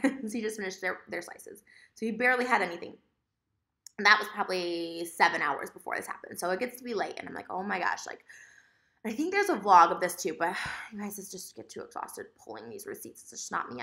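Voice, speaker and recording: A young woman vlogging at home, telling her side of a story in a fast, animated, sassy rant. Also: medium pitch. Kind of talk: casual vlog monologue.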